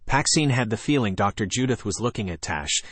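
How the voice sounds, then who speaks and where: Low-voiced male audiobook narrator. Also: lively intonation, a little fast, no room sound.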